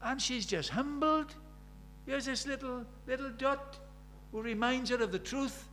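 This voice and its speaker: A man's voice: extremely high pitch, measured pace, sharp tone, soft background music. A man preaching a sermon, emphatic and storytelling, firing rhetorical questions at the congregation.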